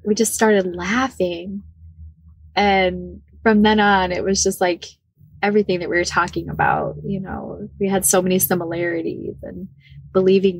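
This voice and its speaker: A woman in her forties from the Midwest of the United States, telling a personal story as a podcast guest, animated and laughing often. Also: lowish voice, unhurried, slightly rough, no room sound. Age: 40s. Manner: animated, laughs often, acts out quoted dialogue.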